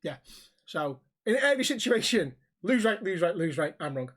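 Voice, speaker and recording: A man's voice: high-pitched, sing-song, normal speed, a bit bright. A man from Liverpool with a Scouse accent, co-hosting a casual podcast chat, swearing freely and acting out dialogue as he tells stories. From Liverpool, England. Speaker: podcast co-host.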